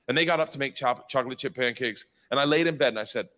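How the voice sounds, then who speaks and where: A male stand-up comedian who tells his story loudly and with animation, sometimes bursting into shouts. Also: mid-range voice, rapid-fire, hardly any pauses.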